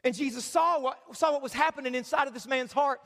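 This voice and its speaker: A pastor with a very high, slightly bright voice preaches fast in a church auditorium, keeping things conversational and joking as he invites the crowd to read along. Long hall reverb lingers on his words.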